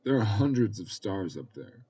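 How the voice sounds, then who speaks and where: A man voicing a loving older woman who tucks a young foster boy into bed, speaking gently and soothingly. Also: fairly low pitch, very animated, normal speed, husky, muffled recording. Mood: tender.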